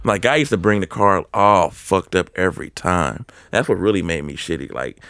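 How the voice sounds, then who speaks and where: A young man telling a rowdy story in casual chat, profane and animated, jumping into a high excited voice for quotes. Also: moderate pace, no room sound, clean studio sound.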